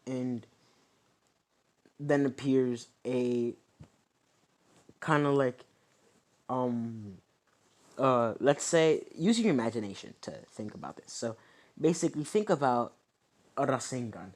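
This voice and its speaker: A man's voice: medium pitch, expressive, slow pace, pauses often, darkish tone. A young man improvising a fan story narration, rambling with many fillers and self-corrections.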